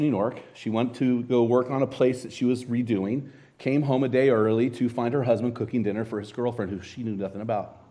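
A middle-aged American man preaching a sermon, telling a story in a lively, conversational way and quoting scripture. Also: mid-range voice. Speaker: pastor.

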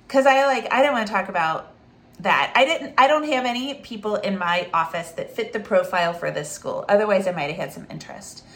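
A woman's voice: medium pitch, a little fast. A woman, a special education advocate, telling a story in a casual monologue, chatty and full of fillers and restarts, acting out the voices she quotes. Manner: lively, acts out quoted speech.

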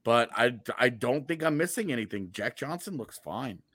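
A man co-hosting a sports podcast in casual chat, joking and sarcastic with bursts of excitement. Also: medium pitch, normal speed, no room sound. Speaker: podcast co-host.

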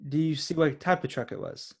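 A man's voice: a little high, fairly even intonation, brisk. A man co-hosting a casual film chat, asking questions and laying out theories with many "uh" and "like" fillers. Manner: inquisitive, builds up theories with hesitant fillers. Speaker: podcast co-host.

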